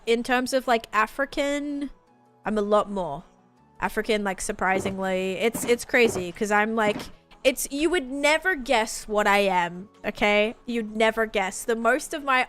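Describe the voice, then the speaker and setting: A woman's voice: a little high, fairly bright tone, clear, resonant tone. A young woman from New York, chatting and rambling casually to viewers while streaming a game. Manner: rambling, chatty, thinking aloud. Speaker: gaming streamer. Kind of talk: casual livestream chat while playing.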